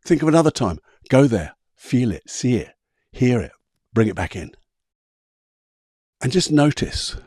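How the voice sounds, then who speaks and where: A husky-voiced man hosts a solo coaching talk, guiding listeners through visualisation exercises one step at a time. His tone stays conversational and easygoing, and the recording is dry and close. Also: fairly low pitch, a little mellow, no room sound. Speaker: podcast host and coach.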